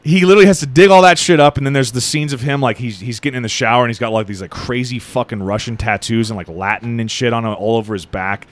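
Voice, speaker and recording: A man co-hosting a podcast, chatting casually about a film and retelling its scenes in quick, animated bursts with lots of swearing. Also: medium pitch, no echo. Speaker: podcast co-host. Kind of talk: casual movie discussion.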